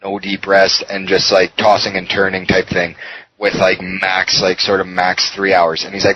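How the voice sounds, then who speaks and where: A man's voice: low-pitched, completely flat delivery, moderate pace, a bit bright. A man recounting a heated story in a podcast interview, swearing often and acting out the dialogue. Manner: heated, profane retelling with quoted dialogue. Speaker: podcast guest. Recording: dull lo-fi sound with faint noise.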